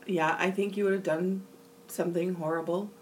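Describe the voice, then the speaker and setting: A woman's voice: lowish voice, steady tone, moderate pace, a little mellow, distant mic, slight background noise, rough recording. A woman co-hosting a podcast, talking earnestly and emphatically about her family and a past relationship. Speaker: podcast co-host. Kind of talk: candid personal conversation.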